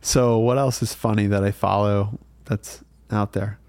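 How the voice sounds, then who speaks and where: A man talking as a company executive in a casual podcast interview, pausing often with fillers and restarts. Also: on the low side, fairly even intonation, a little mellow, no room sound, clean studio sound. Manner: hesitant, many fillers and restarts. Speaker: watch company executive, guest.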